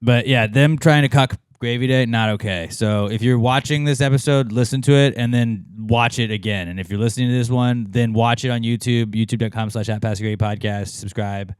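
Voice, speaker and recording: A man's voice: mid-range voice, fairly even intonation, brisk, few pauses, smooth, no room sound, studio quality. A man in his thirties co-hosting a podcast, talking in a casual, profane, sarcastic ranting way. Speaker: podcast co-host. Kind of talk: casual chat.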